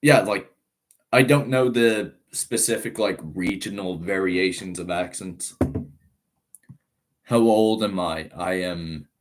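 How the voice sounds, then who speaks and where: A nineteen-year-old man from Ireland, but his accent sounds American. He chats on a live stream in an unhurried, rambling way, reading out comments and padding his talk with fillers. His voice sits a little low, and his pace is slow and drawn out. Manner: laid-back, rambling, reads chat aloud, frequent laughs and fillers. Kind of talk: casual live-stream chat.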